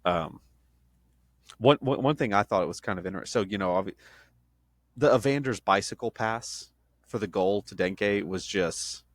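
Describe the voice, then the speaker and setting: Low-voiced man, rambling podcast co-host. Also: moderate pace, pauses often, dry recording. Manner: rambling, self-interrupting, joking. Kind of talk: casual sports chat.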